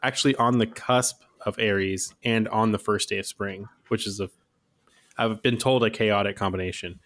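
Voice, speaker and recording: A man's voice: on the low side, fairly even intonation, moderate pace, fairly bright tone. A man in his thirties co-hosting a podcast, laid-back and chatty, laughing often and using lots of fillers. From San Francisco Bay Area, USA. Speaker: podcast co-host. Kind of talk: casual podcast chat.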